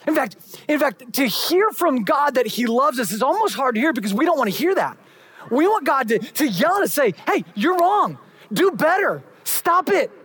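Husky preacher giving a sermon, builds up loud then goes real quiet at the ends. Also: high voice, sing-song, a little fast. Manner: swings from emphatic build-ups to hushed, quiet phrase endings.

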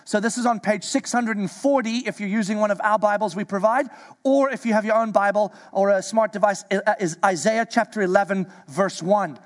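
A man preaching a sermon, animated and playful, slipping into acted-out voices for his asides. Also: high voice, fairly quick. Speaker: pastor.

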